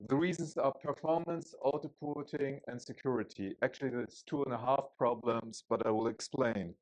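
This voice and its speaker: A man's voice: mid-range voice, fairly even intonation, normal speed, a little mellow, low-quality recording. Man, German accent, conference speaker, chatty, joking, frequent restarts. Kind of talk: technical conference talk.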